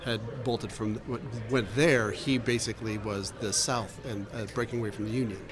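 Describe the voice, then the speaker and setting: A man on a podcast panel, explaining a point in a measured way. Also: fairly low pitch, fairly even intonation. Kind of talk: casual panel chat. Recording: crowd noise behind.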